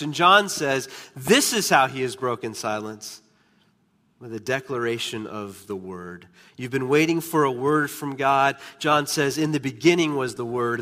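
A man preaching a sermon as pastor, emphatic, slowing down and dropping to a hush on key words. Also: medium pitch. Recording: long reverb of a large hall.

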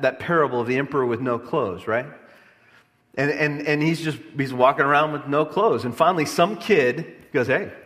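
A man preaching a sermon as a pastor, passionate and emphatic, swinging from loud lines to quiet, low ones. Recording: long hall reverb.

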